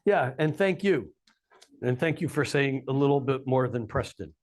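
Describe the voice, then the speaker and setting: A man's voice: medium pitch, animated, normal speed. A man giving a live astrology talk to an audience in a coffeehouse, with wry joking asides.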